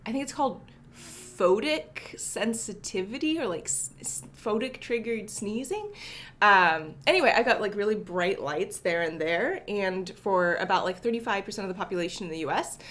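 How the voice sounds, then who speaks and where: Hosting a laid-back coding stream at home in her apartment, a young woman chats away, welcomes viewers by name, corrects herself, and sniffles a bit from allergies. Her voice is medium-pitched and a bit bright.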